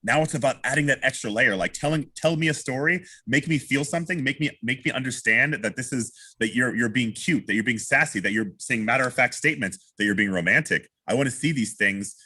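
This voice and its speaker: Man, vocal coach, bright voice, animated, restarts a lot, video call. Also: fairly quick, few pauses, husky. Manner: animated, demonstrates lines by singing them high; many restarts and repeated words. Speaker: opera singer teaching a masterclass.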